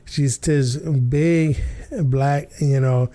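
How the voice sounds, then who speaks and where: A man's voice: medium pitch, fairly even intonation, very slow, mellow. A man hosting a podcast, telling a childhood story and commenting in a casual, rambling way with many fillers, restarts and chuckles. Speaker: podcast host.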